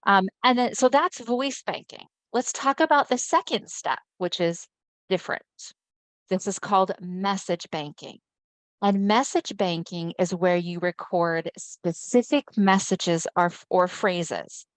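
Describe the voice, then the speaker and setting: A woman's voice: mid-range voice, measured pace, dry recording. A woman giving a webinar presentation over a video call, speaking conversationally and often checking in with her listeners. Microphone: video call mic.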